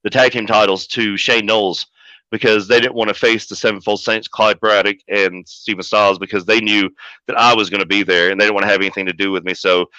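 A man who manages pro wrestlers, telling a story as a podcast guest in a profane, animated way. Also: lowish voice, fairly quick, no room sound. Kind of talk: casual storytelling. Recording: dull lo-fi audio.

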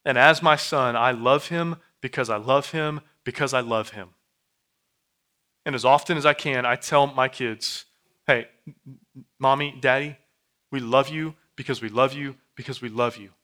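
A man in his thirties preaching a sermon in a church, repeating and building his phrases, dropping to a hush and then rising loud. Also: medium pitch, normal speed. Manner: repetitive, building phrases, swings from hushed to loud. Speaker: pastor. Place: church sanctuary.

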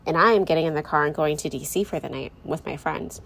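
A young mom vlogger speaks casually to camera, rambling a bit and candidly addressing her viewers while often correcting herself mid-sentence. Her voice is deep and creaky, with a fairly bright tone, and she talks fast.

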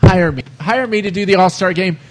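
Rambling sports talk man, higher pitch. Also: fairly quick. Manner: rambling storyteller, full of "you know" and "I mean". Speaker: sports podcast host. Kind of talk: casual sports chat.

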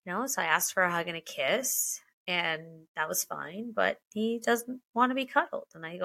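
A woman's voice: on the low side, animated, moderate pace, creaky, hardly any pauses, sharp tone. A woman in her thirties, a podcast co-host, chatting candidly and emotionally and swearing freely. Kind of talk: casual chat.

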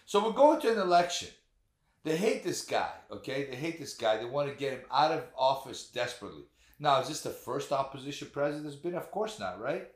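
Animated, profane man ranting about politics. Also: mid-range voice, fairly quick, echoey room. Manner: animated, profane, rhetorical questions. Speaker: podcast co-host. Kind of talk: casual political chat.

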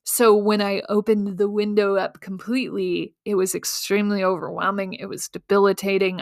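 A woman's voice: medium pitch, fairly even intonation, normal speed, vocal fry, few pauses, dry recording, clean studio sound. A woman hosting a solo podcast, telling her story in a candid, self-mocking way with casual fillers. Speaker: podcast host.

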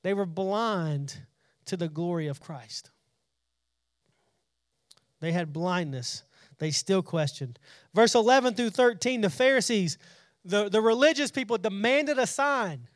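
Man, high voice, casual sermon, conversational, restarts words often, dry close sound. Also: expressive, a little slow, long pauses, no echo. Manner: conversational, repeats and restarts words, paraphrases scripture in everyday speech. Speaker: preacher. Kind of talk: casual Bible teaching.

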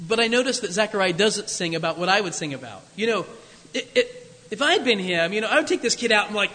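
Brief: chatty male preacher, high bright voice, long reverb from a large hall. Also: lively intonation, fast. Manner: conversational, jokey, many asides. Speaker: pastor. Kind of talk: sermon.

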